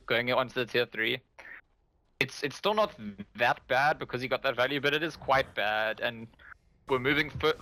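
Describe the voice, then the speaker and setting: A man giving color commentary on a live esports match, measured and explanatory with small stammers. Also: mid-range voice, pushed and bright, slight background noise, rough recording.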